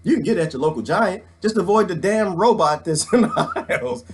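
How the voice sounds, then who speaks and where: A man rants on a livestream in a jokey, preachy way, swinging from loud to hushed. His voice sits a bit high and bounces all over. He sounds wired on coffee. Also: expressive, fairly quick. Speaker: vlogger reading live comments. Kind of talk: animated livestream rant.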